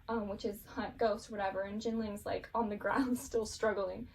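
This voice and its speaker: A woman's voice: mid-range voice, normal speed, few pauses, darkish tone, distant mic. A woman casually recapping a show, rambling and giggling, with lots of fillers.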